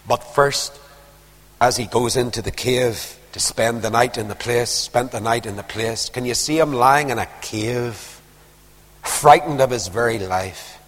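A man preaching a sermon, telling a Bible story with dramatic swings from urgent emphasis to hushed, almost whispered lines. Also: mid-range voice, unhurried, long reverb tail.

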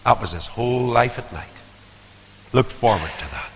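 An older man preaching a sermon, swinging from hushed asides to loud, rising appeals. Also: medium pitch, expressive, normal speed, gravelly, a little hiss or hum. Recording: long hall reverb.

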